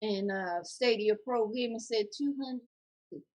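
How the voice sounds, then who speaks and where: A woman co-hosting a casual podcast, reading viewer comments aloud in a jokey, animated way. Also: fairly high pitch, slow.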